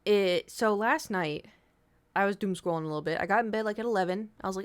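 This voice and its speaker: A woman's voice: medium pitch, fast talker, smooth. A woman streamer chatting casually with viewers, telling a rambling story with swearing and the odd whispered aside. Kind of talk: casual chat.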